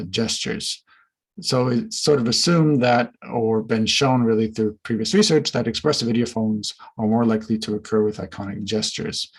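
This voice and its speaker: A man presenting research findings in an academic conference talk, measured and careful, with frequent fillers and restarts. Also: on the low side, slightly rough, rough recording.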